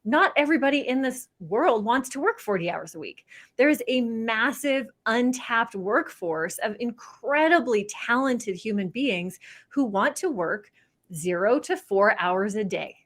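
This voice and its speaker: With a fairly high, bright voice, lively intonation, and an unhurried pace, a woman who is a realtor and trainer guests on a podcast. She's an upbeat, casual storyteller who laughs often and performs the voices of the people she quotes.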